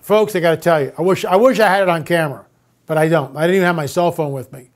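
A man's voice: fairly high pitch, fast talker. A man hosting a talk show, telling a story to listeners in a loose conversational monologue.

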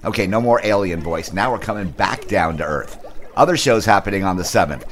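A man's voice: low voice, lively intonation, brisk, a bit bright, a little hiss or hum. A man hosting a radio show, reading out a concert calendar in an upbeat, playful way. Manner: upbeat, playful listing of band names. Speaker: radio host.

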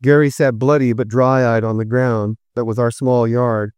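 A man narrating a first-person story in a steady, reflective read. His voice is smooth and clear, and the recording is dry and close. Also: medium pitch, normal speed, dry recording. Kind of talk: scripted narration.

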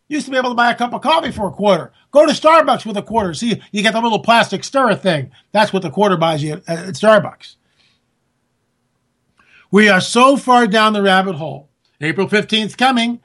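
A man's voice: extremely high pitch, lively intonation, a little fast, a bit bright. A man hosting a political talk show, ranting sarcastically to his listeners. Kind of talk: political commentary monologue.

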